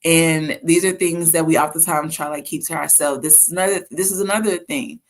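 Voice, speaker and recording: Animated woman telling stories. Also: sits low, brisk. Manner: animated storytelling with laughs and restarts. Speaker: host. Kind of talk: casual faith talk to viewers.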